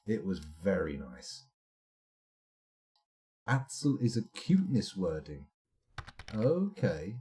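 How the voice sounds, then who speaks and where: A man's voice: low-pitched, dark tone. A man streaming a game live, chatting and rambling to himself as he plays. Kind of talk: live let's-play commentary.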